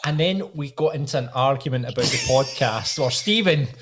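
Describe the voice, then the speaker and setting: A man's voice: mid-range voice, animated, fairly quick, a bit bright, faint music behind. A man with a Glasgow accent, a podcast co-host who leads the retelling in casual banter, often checking in with "right?". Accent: Scottish (Glasgow).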